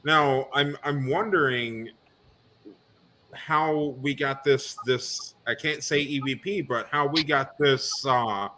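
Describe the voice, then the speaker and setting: A man's voice: medium pitch, takes it slowly, sharp tone, slight background noise. A man co-hosting a casual podcast, asking long questions full of fillers and restarts. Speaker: podcast co-host. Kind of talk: casual video podcast chat.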